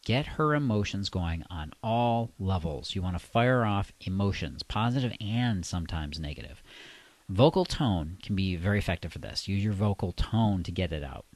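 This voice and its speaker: A man coaching, speaking slowly and deliberately in a deep, resonant voice with long pauses. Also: animated, no room sound. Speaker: dating coach. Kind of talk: instructional monologue.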